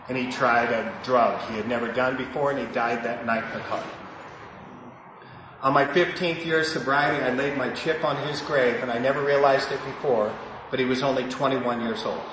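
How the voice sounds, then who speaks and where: A man in his sixties sharing his personal story with a live audience at a recovery meeting, animated and swinging between loud and hushed. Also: medium pitch, noisy background. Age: 60s. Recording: echoey hall recording.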